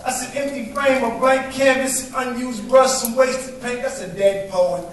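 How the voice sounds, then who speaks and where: High-voiced man performing spoken word poetry. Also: steady tone, measured pace. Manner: rhythmic, emphatic poetic delivery. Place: live open mic venue. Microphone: stage microphone. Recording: very echoey room from far off, faint noise.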